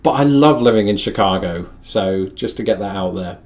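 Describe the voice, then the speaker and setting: A man's voice: fairly low pitch, normal speed, darkish tone. A young man from the North of England, hosting a casual chat to camera with wry, self-deprecating asides. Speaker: host.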